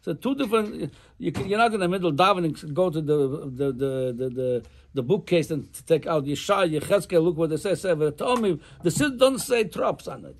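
A man teaching a Jewish law class as a rabbi, halting and repeating words as he explains texts. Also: a little high, lively intonation. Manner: halting, repeats words, reads Hebrew text in chant. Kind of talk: halacha class.

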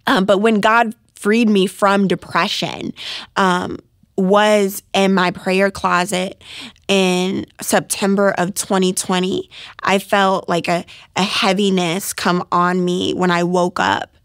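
A woman's voice: medium pitch, flat delivery, slow, dry recording, clean studio sound. A woman in her twenties telling a personal faith testimony in an earnest, heartfelt way. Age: 20s. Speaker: testimony speaker.

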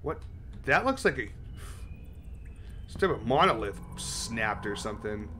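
Guy streaming a horror game, casual and sweary, mid pitch, bit of faint noise. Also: very animated, a little slow, pushed and bright. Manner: casual and profane, chatting with viewers.

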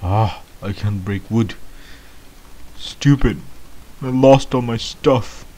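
A man's voice: mid-range voice, slow, warm tone. A man giving comedic gameplay commentary as a clueless beginner, whiny, easily startled and rambling with lots of ums. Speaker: gamer playing a clueless beginner.

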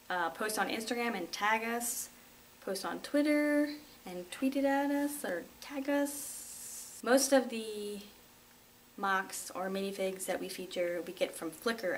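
Young woman host, wry and self-mocking, a little off-mic with faint room hiss. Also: mid-range voice. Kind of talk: casual vlog chat. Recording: slightly distant mic, faint room noise.

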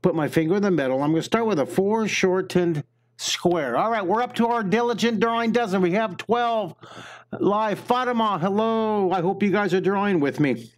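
Chatty drawing teacher guy on a livestream, bit high voiced, narrates every step. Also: moderate pace. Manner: chatty, upbeat, greets viewers while drawing; talks through each step of a drawing. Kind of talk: live-streamed drawing lesson.

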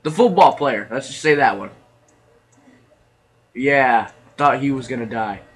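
A man's voice: mid-range voice, measured pace, slightly rough, rough recording. A man giving casual, rambling gameplay commentary, joking around and laughing often as he talks.

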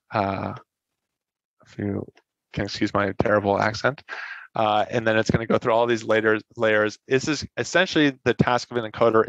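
A man with a fairly low voice gives a casual technical lecture, often stopping to rephrase and fill gaps with "uh" and "like". The recording sounds dull and lo-fi, and it is dry, with no room echo. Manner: casual, self-correcting explanations with frequent fillers. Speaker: presenter. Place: online meetup talk.

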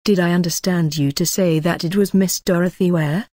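Angry young man, hard and cold, read by a woman, slow clipped words, lowish voice. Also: fairly even intonation, warm tone, dry recording, studio quality, lightly acted. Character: young man, furious and tightly restrained. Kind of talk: audiobook character reading.

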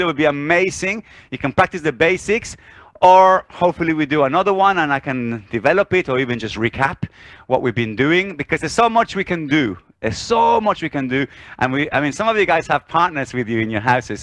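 A man's voice: fairly high pitch, no room sound. A man leading an online dance class over a video call, counting beats and cueing steps energetically while out of breath. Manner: energetic counting and cueing, often repeats himself. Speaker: dance instructor.

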